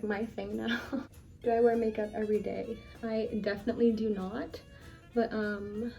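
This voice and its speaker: Young woman vlogging while she curls her hair, mellow voice kinda far from the mic, faint music behind. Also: a little high. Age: young adult. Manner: relaxed and chatty, frequent ums. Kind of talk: casual chat answering questions. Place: home, curling her hair.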